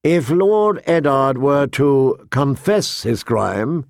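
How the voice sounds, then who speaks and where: A calculating queen weighs every word with slow, cool deliberation as a man reads her. The delivery is close and dry, in an unhurried storybook reading. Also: medium pitch, big pitch swings, gravelly, dry recording, heavily acted.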